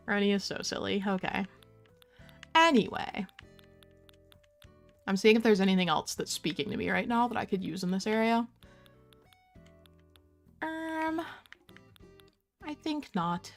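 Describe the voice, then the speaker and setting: A woman's voice: mid-range voice, sing-song, slow pace, pauses often, faint music behind. A young woman casually chatting on a game stream, playful and talkative, talking to her cat and viewers.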